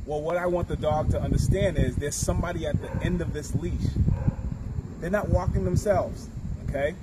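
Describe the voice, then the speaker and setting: A man's voice: a little high, steady tone, moderate pace. A man working as a dog trainer, explaining leash training to the camera and praising the dog as he walks it outdoors. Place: outdoors on a street. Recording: distant outdoor mic with street noise.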